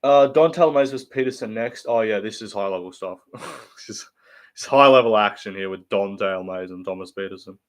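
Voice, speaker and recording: A man's voice: fairly low pitch, fairly quick. Profane, mocking fight-stream host, a man. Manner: blunt, profane, mocking rant. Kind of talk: live-stream fight commentary, reading chat.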